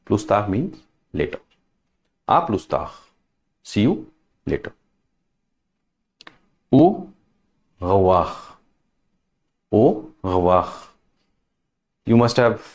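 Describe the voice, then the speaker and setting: A man teaching French greetings, slowly saying each word twice and explaining it in plain, patient English. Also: deep voice, darkish tone. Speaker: language teacher. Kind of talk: French lesson, repeating words.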